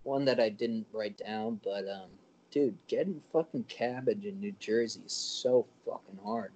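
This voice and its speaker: A man's voice: lowish voice, unhurried, a little mellow, muffled recording. A young man co-hosting a podcast, trading laid-back jokes and banter. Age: young adult. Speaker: podcast co-host. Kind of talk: casual chat.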